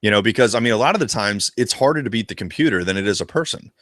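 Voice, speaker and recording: A man co-hosting a casual live discussion about a video game, talking in an excitable, profane and animated way. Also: on the low side, racing, no echo, clean studio sound. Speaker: co-host of a retro gaming show.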